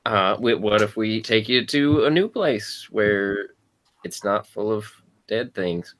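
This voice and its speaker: A man's voice: fairly low pitch, expressive, takes it slowly, a bit bright, a little hiss or hum. A man voicing a polite, bumbling adventurer who talks hesitantly and apologetically.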